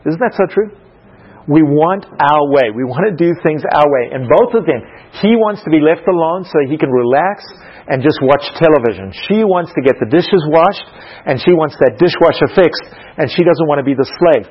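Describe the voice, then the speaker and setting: A man's voice: on the high side, normal speed, slightly rough, dull audio. A man teaching a Bible lesson like a sermon, telling stories and asking the audience questions. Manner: animated storytelling, asks the audience questions. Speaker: preacher teaching a class.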